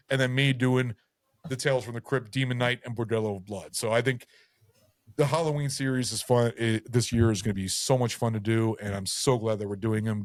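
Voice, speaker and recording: A man's voice: mid-range voice, dry recording, clean studio sound. A tipsy man hosting a podcast, rambling casually with lots of fillers and swearing. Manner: loose, profane, rambling with fillers. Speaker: podcast host. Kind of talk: casual chat.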